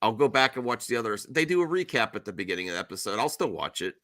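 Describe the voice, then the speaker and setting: A middle-aged man hosting a casual podcast chat. He tells stories animatedly and slips into high squeals when mimicking others. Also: big pitch swings, very fast, sharp tone, no echo. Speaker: show host.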